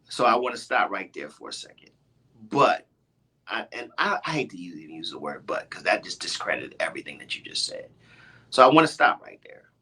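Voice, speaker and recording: A middle-aged man hosts a radio talk show with a husky, bright edge to his voice. His pitch swings widely as he presses his point. He often stops himself and starts again. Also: fairly quick. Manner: animated, emphatic, often interrupting himself. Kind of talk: heated casual debate.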